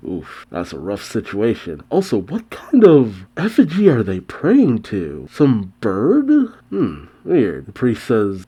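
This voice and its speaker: A man reads through a manga chapter and reacts as he goes, unhurried and dry. His voice is mellow and darkish, his humor wry and low-key. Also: big pitch swings, slightly rough.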